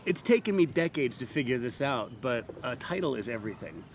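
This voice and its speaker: A man in his forties from Florida chats as a guest in an interview, telling lively, animated stories and laughing easily. His voice sits in a middle register and swings widely in pitch. Outdoor ambient noise is clearly heard behind him. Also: brisk. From Florida, USA. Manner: animated storyteller, laughs often. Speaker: guest, performer and author. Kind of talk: casual interview chat.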